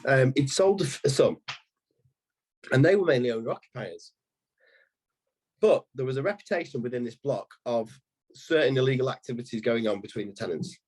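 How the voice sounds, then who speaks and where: Podcast guest: husky man in his thirties, storytelling, restarts often. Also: medium pitch, normal speed, long pauses, a little mellow. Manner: rambling anecdotal, frequent restarts. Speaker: estate agency owner.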